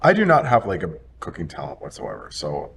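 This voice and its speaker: A man chatting as a talk show guest, relaxed and expressive. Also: low-pitched, brisk, vocal fry, background noise. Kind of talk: casual chat.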